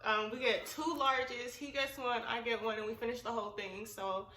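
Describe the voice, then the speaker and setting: A young woman chats with her husband in an easy, slangy, giggly way. Her voice sits a little high. It comes from some distance off the mic, in a room with a roomy echo. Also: steady tone, moderate pace, sharp tone, slight background noise. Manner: laid-back, giggly, slangy. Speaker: vlogger host. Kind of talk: casual chat.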